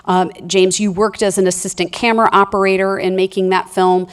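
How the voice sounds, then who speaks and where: A woman moderating a panel, asking long, measured questions. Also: medium pitch, flat delivery, clean tone.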